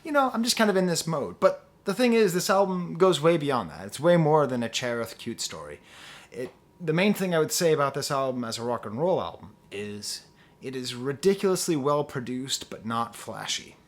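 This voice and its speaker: A man's voice: a little high, expressive, moderate pace. A man giving a casual talk-to-camera album review, rambling and digressive with lots of fillers, earnest and pleading in his enthusiasm.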